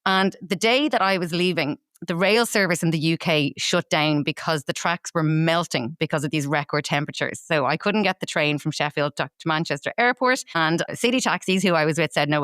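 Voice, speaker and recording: A woman's voice: deep voice, a little fast, hardly any pauses, fairly bright tone, dry recording, clean studio sound. A woman co-hosting a podcast, telling a fond travel story in a casual chat, with some laughter. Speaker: podcast co-host.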